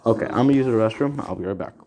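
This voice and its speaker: A man's voice: mid-range voice, very fast, dark tone, voice pushed up, natural voice. A man voicing a woman who briefs the heroes in a rambling, offhand way. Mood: casual. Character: bossy female hero agency leader.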